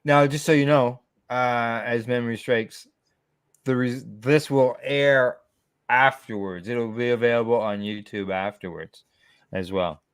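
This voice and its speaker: A man's voice: medium pitch, unhurried, clear, resonant tone, no echo, clean studio sound. A man hosting a casual chat over a video call, talking in a rambling way full of asides. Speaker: host.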